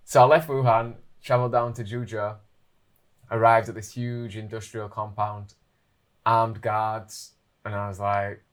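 A man, telling a story in an animated, casual way with lots of fillers. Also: on the low side, moderate pace. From England.

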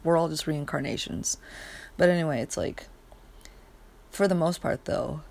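Sleepy, low-voiced young woman ranting. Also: moderate pace, creaky, darkish tone. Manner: rambling, profane, many fillers and restarts. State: sleepy, yawning. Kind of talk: casual rant monologue.

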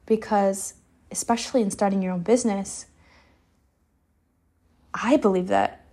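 A woman's voice: mid-range voice, steady tone, a little slow, mellow. A young adult woman, hosting a solo podcast in a loose, candid, rambling way with lots of "like". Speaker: podcast host.

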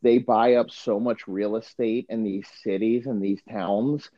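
A man's voice: on the low side, fairly even intonation, unhurried. A young man co-hosting a podcast in casual chat, rambling and profane, saying "dude" often. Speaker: podcast co-host. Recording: dull lo-fi sound.

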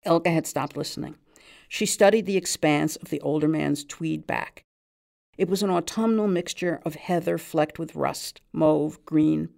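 A woman reading a literary short story aloud in a measured, even way. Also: deep voice, gravelly.

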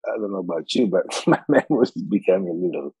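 Older guest; husky voice, laughing storyteller. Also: male voice, lowish voice, fast, dry recording, poor audio. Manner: animated storyteller, laughs often, acts out quotes. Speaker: interview guest, saxophone repairman. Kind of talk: casual interview chat.

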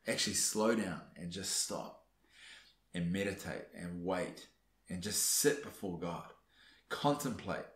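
A man giving an earnest, urging devotional teaching, often pausing on fillers and restarting his sentences. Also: on the low side, bright, forceful tone, roomy sound. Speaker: Christian teacher.

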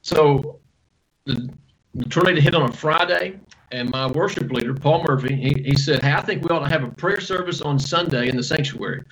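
A pastor, answering interview questions in a relaxed, storytelling way with self-deprecating humor. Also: male voice, a little high, fairly quick, slight background noise, rough recording.

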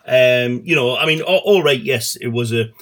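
A man's voice: medium pitch, moderate pace, a bit bright. A middle-aged man hosting a satirical comedy show, rambling and swearing with stumbling restarts.

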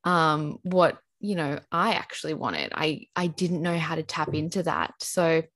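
Low-voiced young woman co-host, dry sound. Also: animated, unhurried, no room sound. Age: young adult. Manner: reflective, searching for words, laughs softly. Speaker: podcast co-host. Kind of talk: casual chat.

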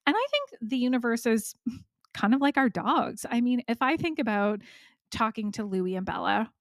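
A woman's voice: on the high side, sing-song, moderate pace, no echo. Woman podcast host, dry close sound. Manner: warm encouraging, speaks directly to listener. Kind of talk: solo podcast coaching talk.

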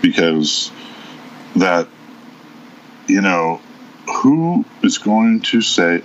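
Deep-voiced man, blunt and sarcastic. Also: lively intonation, very slow, long pauses, dull audio, a little hiss or hum. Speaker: podcast co-host. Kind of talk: casual chat.

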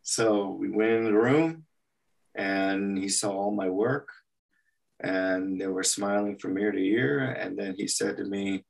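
Heard far from the mic, a man with a lowish voice speaks slowly with vocal fry. The El Paso, Texas animation artist recounts anecdotes in an interview, bringing them to life by acting out quoted dialogue.

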